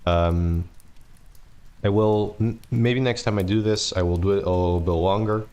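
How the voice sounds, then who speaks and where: A man's voice: lowish voice, steady tone, normal speed, mellow. A man reading a novel aloud on a live stream and chatting casually between chapters, laid-back, swearing and laughing often.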